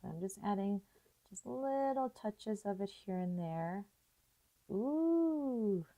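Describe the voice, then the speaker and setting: With a warm, medium-pitched voice, this young art tutorial host is animated yet unhurried. She leads a live watercolor session, chatting casually, thinking out loud and laughing a lot.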